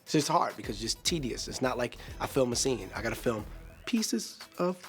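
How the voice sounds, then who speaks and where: A man, an actor, talking in a lively, joking and demonstrative way in a behind-the-scenes interview. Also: mid-range voice, brisk, faint music behind.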